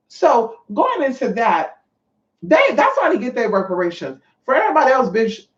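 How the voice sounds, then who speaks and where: Sassy man with a high voice going off on a profane rant, echoey room, kinda dull lo-fi sound. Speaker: vlogger and self-taught Reiki healer. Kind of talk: profane ranting monologue.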